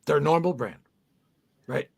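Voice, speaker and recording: A man's voice: on the high side, measured pace, vocal fry, breathy edge. A man on a podcast, talking casually in a rambling, profane, insistent way. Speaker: podcast co-host. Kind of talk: casual chat.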